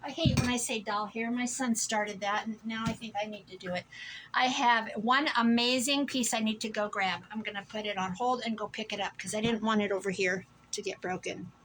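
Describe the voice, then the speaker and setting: A woman's voice: medium pitch, steady tone, fairly quick, a bit bright, slight background noise, rough recording. A middle-aged woman from Iowa chatting casually to camera about her thrift finds, gushing and rambling. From Iowa, USA. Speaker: thrift vlogger. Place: home room.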